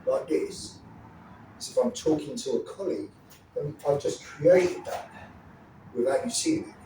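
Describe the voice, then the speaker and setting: Blunt profane instructor, keeps asking right?, sounds far from the mic in a super echoey room w faint background hum. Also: male voice, on the high side, very animated, measured pace. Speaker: self-defense instructor. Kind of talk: demonstration teaching.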